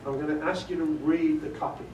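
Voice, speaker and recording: A man's voice: on the high side, steady tone, brisk, dull audio. British man chatting through a workshop. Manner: chatty, joking, quizzes the audience. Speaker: audiobook director giving a workshop talk. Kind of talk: casual workshop talk. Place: meeting room with a small audience. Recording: echoey room, voice far from the mic, faint noise.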